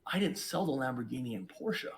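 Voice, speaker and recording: A man's voice: lively intonation, brisk. Emphatic man preaching life lessons. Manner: emphatic and preachy, with sharp swings in pitch and loudness. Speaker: podcast guest, investor and entrepreneur. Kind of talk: reflective storytelling.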